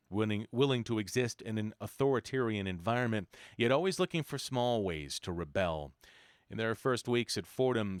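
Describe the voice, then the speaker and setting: A man with a fairly low voice reads a biography aloud, keeping a measured, even pace and now and then stopping to correct a slip. The sound is dry and close, with no room around it. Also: dry recording. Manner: measured, even reading with occasional self-corrections. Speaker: reader.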